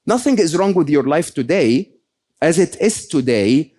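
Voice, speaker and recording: Mellow-voiced man giving a motivational talk. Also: a little high, expressive, a little slow. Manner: conversational, often checks in with "okay?" and "right?". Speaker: keynote speaker. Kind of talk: motivational talk to a live audience.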